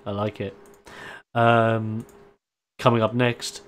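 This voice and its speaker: A man's voice: mid-range voice, measured pace. A man running a tabletop role-playing game as game master, narrating the action casually and laughing often.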